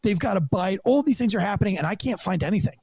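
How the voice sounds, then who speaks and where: A man telling a profane, animated story from his rookie years as a police officer, as a podcast guest. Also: high-pitched, quick pace, husky, no room sound, studio quality. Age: young adult. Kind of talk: casual storytelling interview.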